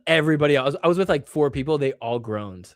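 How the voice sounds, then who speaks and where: A man hosting a show, telling stories in a casual way with lots of "like", animated and poking fun at himself. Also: a little high, quick pace, dry recording, studio quality. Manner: animated, self-mocking, heavy use of "like". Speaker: show host. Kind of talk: casual solo storytelling.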